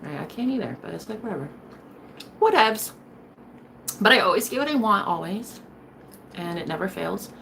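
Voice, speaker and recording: A woman talking straight to camera in a casual vlog, sassy and playful, dropping to a hush and then getting loud again. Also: fairly low pitch, expressive, fast talker, vocal fry, a little hiss or hum. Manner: sassy, playful, swings between loud and hushed. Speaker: vlogger.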